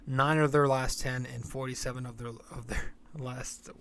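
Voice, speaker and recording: Young male podcast host, casual rambling baseball talk, blunt and profane, mid-pitched. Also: level tone, normal speed, fairly bright tone, a little hiss or hum. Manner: rambling, blunt, swears freely.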